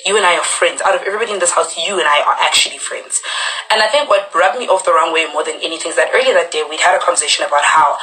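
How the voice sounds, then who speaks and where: Animated young woman, bright voice. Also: on the low side, very fast, low-quality recording. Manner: animated, acts out the quotes. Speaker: reality show housemate. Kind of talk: livestream retelling.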